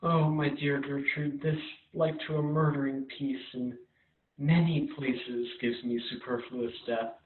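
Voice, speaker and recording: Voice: medium pitch, fairly even intonation, unhurried, close to an everyday voice. A performer playing a scheming king, declaiming verse in a commanding manner. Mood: troubled. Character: Claudius, a scheming anxious king. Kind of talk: amateur remote play reading. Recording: tinny phone-like line in an echoey room.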